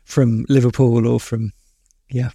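A man's voice: mid-range voice, level tone, unhurried, creaky, warm tone, breathy edge, no echo, clean studio sound. A man hosting a casual interview, asking curious, hesitant questions full of small restarts. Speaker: podcast host.

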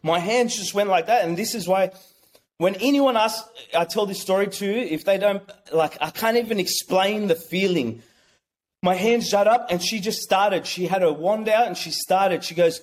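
A man telling a personal story in a rambling, excited way, swearing and acting out what people said. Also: sits high, moderate pace. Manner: acts out quotes. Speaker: guest. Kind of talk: casual storytelling.

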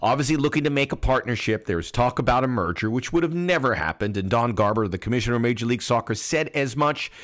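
A man's voice: mid-range voice, expressive, quick pace, hardly any pauses, fairly bright tone. Chatty man hosting a soccer podcast. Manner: rambling, chatty, restarts often. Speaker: podcast host. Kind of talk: casual podcast chat and commentary.

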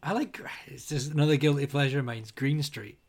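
Scottish male co-host, relaxed and conversational, a bit sweary. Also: mid-range voice, brisk. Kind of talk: casual chat.

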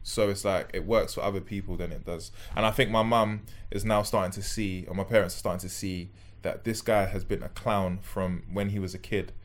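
A young man, an entertainer chatting as a podcast guest, jokey and animated as he tells stories. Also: low-pitched, a little fast, few pauses. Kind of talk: casual chat.

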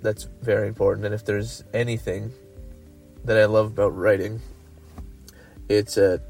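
Animated Canadian man telling stories. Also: fairly low pitch, normal speed, soft background music. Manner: animated storyteller, laughs often. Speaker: podcast co-host. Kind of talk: casual chat.

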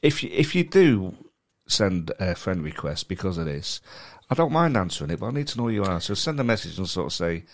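Male co-host, lowish voice, swears freely, repeats words as he talks. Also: very animated, a little fast, few pauses. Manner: sweary, stammering restarts, rambling. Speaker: podcast co-host. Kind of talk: casual chat.

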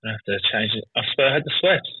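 An Australian man with a slightly husky voice, chatting easily and poking fun at himself. His voice is thin and phone-like in the mix, with a dry sound and no echo. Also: medium pitch, lively intonation, racing. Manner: easygoing, dry self-mocking humour. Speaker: podcast co-host. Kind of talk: casual chat.

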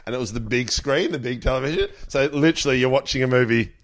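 A man's voice: medium pitch, fast talker. A man chatting casually on a podcast, reminiscing and quoting himself with laughs. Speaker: podcast guest. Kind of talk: casual chat.

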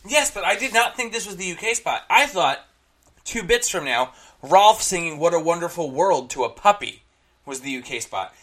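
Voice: mid-range voice, animated, moderate pace, a bit bright. A podcast co-host recapping an episode in casual chat, enthusiastic and opinionated and swearing freely.

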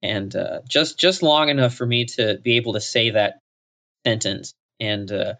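Animated man telling a story. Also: on the low side, normal speed, creaky. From Texas. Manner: animated, self-mocking storyteller. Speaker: podcast guest. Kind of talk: casual chat.

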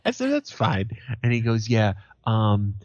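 Podcast co-host, 30s, low voice, profane storyteller, dull lo-fi mic sound. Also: male voice, huge pitch swings, a little slow, darkish tone, dry recording. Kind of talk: casual chat.

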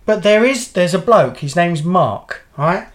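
A man's voice: sits high, expressive, a little slow. A middle-aged man tells long, meandering stories in a casual podcast chat. He swears freely and loses his thread often, circling back with "right?" as he goes. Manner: rambling storyteller, swears freely. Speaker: podcast co-host.

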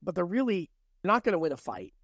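Man co-host, casual book chat, relaxed, chatty, dry close sound. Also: high-pitched, a little fast, no room sound. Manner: relaxed, chatty, laughs often. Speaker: podcast co-host.

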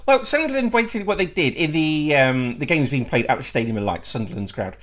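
Man, English accent, podcast host, casual football chat, lively up-and-down pitch, frequent laughs. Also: fast. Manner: laughs often, rambling with fillers.

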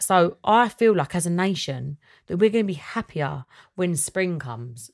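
A young woman hosts a casual solo podcast, chatting and ranting for fun, then reassuring her listeners. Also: fairly low pitch. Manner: warm and reassuring when answering listeners. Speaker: podcast host.

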